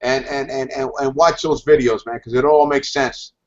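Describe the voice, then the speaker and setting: A man giving an enthusiastic sales pitch on a video call, talking in fired-up bursts with lots of stammered restarts. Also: fairly even intonation, moderate pace. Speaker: hangout participant. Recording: dull lo-fi video call audio.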